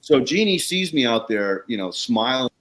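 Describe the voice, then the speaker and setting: A man's voice: medium pitch, moderate pace, low-quality recording. A man who works on soil and landscapes, guest on a talk show, telling a story casually with swearing and acted-out voices. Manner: animated, profane, acts out the people he quotes.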